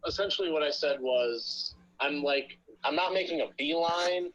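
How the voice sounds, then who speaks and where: A man playing a tabletop game, explaining his character's move in a halting, hesitant way. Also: a little high, wildly swooping pitch, vocal fry, a bit bright, muffled recording.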